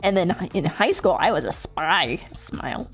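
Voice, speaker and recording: A woman's voice: lowish voice, expressive, normal speed, husky, faint music behind. A young woman chatting casually while she draws on stream, rambling and playful, laughing often and swearing freely. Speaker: streamer and digital artist.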